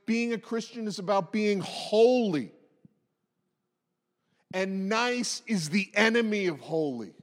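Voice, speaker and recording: A man's voice: high-pitched, lively intonation, slow, long pauses, long reverb tail. A man in his forties preaching a sermon, impassioned and emphatic, hammering repeated phrases. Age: 40s. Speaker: pastor.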